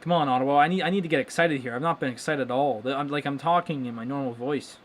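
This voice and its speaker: A young man hosting a live hockey watchalong, calling the play-by-play casually and breaking into loud excited exclamations. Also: mid-range voice, quick pace, slight background noise. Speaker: watchalong host.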